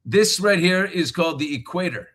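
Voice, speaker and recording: A man's voice: high voice, normal speed. A middle-aged man hosting a live talk show from a hotel room, chatting casually and joking a lot. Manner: jokey, animated, laughs a lot. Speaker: host.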